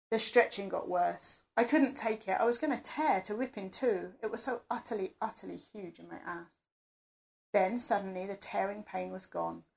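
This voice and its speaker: A woman reads an intimate first-person audio story in a close, breathy manner. Her voice sits at a middle pitch with a light, gravelly fry running through it. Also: a little mellow. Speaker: narrator.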